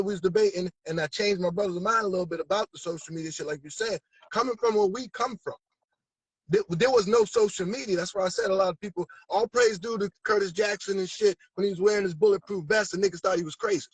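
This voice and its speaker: A man's voice: high-pitched, fast, husky, dry recording, low-quality recording. A man from Massachusetts, a rapper guest, talking in a laid-back, slangy way in a casual interview. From Massachusetts, USA.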